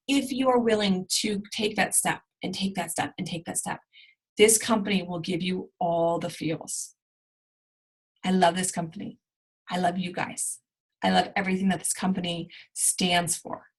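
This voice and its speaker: Woman, thirties, motivational team talk, gravelly, husky, emphatic. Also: lowish voice, low-quality recording. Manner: earnest, emphatic. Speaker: team leader.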